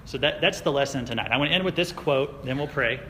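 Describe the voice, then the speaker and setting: A man preaching a sermon to a youth group in a casual, conversational way, with fillers and quick laughs. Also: mid-range voice, a bit bright, long reverb tail, a little hiss or hum, rough recording. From United States. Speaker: youth pastor. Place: church sanctuary.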